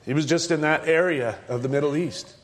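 A middle-aged man preaching a sermon as pastor, emphatic, jumping up for loud points and dropping low for asides. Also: fairly quick.

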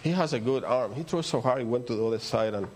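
Here an older Spanish-accented pastor, whose first language is Spanish, delivers a meandering, story-laden sermon rising to forceful climaxes. His medium-pitched voice is fast and a little mellow, with a faint hiss or hum in the background.

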